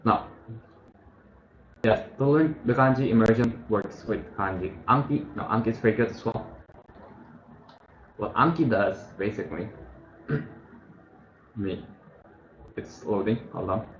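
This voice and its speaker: A tutorial host casually walks through a study app during a screen share, thinking aloud and correcting himself along the way. His voice is fairly low and unhurried, with long pauses. The room sounds muffled and echoey, with a faint hiss.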